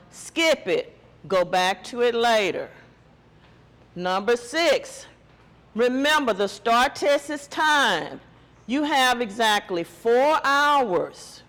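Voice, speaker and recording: High-voiced man teacher quizzing students. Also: a bit bright, in a large hall. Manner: quizzing students with call-and-response questions. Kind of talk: classroom test-prep lesson.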